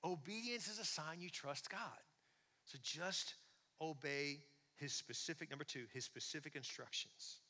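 A male pastor delivers a lively, conversational sermon at a measured pace, animatedly asking the congregation questions. His very bright voice sits a little high and carries through the long reverb of a large church hall.

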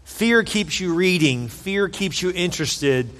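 A man's voice: sits high, expressive, measured pace, a bit bright, big-room sound. A man preaching a sermon in an earnest, conversational way, repeating phrases for emphasis. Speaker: pastor.

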